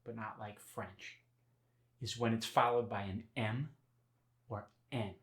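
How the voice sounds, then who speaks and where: A man hosting an accent tutorial as a dialect coach, speaking clearly and deliberately as he announces each topic. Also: fairly low pitch, fairly even intonation, fairly bright tone, echoey room.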